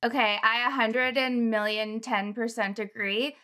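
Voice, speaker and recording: A woman with a bright, sharp voice pitched a little high joins a casual panel chat. She talks quickly and emphatically. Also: steady tone. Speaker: panel guest.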